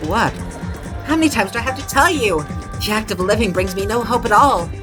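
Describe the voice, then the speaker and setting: A woman's voice: mid-range voice, expressive, fairly quick, over music, pitched above the performer's own voice, close to an everyday voice. A woman reading a game's villainous schoolgirl mastermind, obsessed with despair, in a melodramatic, mood-swinging voice. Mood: frantic. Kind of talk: reading game dialogue aloud.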